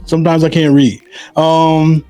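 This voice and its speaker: A man co-hosting a real estate talk, easygoing, explaining the local market in measured asides. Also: fairly high pitch, little pitch movement, warm tone, faint music behind. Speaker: real estate agent, co-host. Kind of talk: casual chat and market advice.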